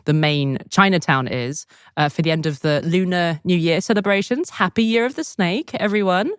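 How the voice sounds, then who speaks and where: A woman's voice: on the low side, normal speed, clean tone, no room sound, clean studio sound. A woman co-hosting a casual news podcast, telling stories with a wry, joking manner. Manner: wry, joking, lively storytelling. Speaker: podcast co-host.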